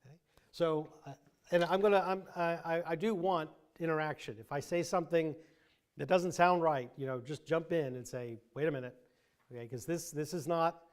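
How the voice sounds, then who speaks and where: A man with a fairly high speaking voice leads a church Bible class. He talks through the passage casually, restarting sentences as he thinks. He drops in dry, wry asides along the way. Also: moderate pace. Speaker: Bible teacher. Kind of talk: conversational Bible class teaching.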